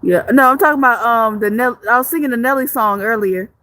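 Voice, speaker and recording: This blunt, joking woman streams live, chatting casually as she reads comments from viewers. Her voice sits on the high side, quick and sharp-toned, with no room sound. She swears freely and rambles, often restarting her sentences.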